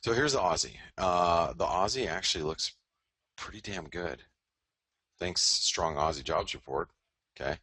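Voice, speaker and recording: A man's voice: deep voice, lively intonation, unhurried, sharp tone, slightly rough, dry recording. A man hosting a live forex market show, rambling casually through charts and often correcting himself.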